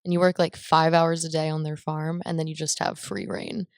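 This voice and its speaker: A woman's voice: deep voice, level tone, normal speed, smooth, no echo, studio quality. A young woman hosting an interview, teasing and playful, laughing often. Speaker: interview host. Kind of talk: casual interview chat.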